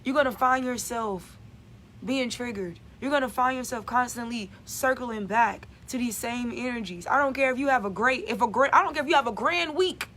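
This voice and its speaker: A woman's voice: fairly high pitch, moderate pace, a bit bright, slight background noise. A woman giving an emphatic, repetitive spiritual vlog monologue as a channeler.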